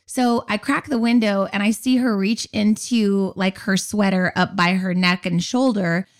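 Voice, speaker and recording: A woman co-hosting a podcast, telling a story in a lively, dramatic way in casual chat. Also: medium pitch, measured pace. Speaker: podcast co-host.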